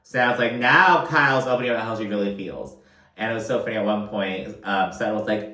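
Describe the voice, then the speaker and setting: A man's voice: lowish voice, fairly quick, pushed and bright, roomy sound. A young man hosting a casual reality TV recap, rambling with lots of fillers and frequent swearing. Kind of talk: casual profane commentary.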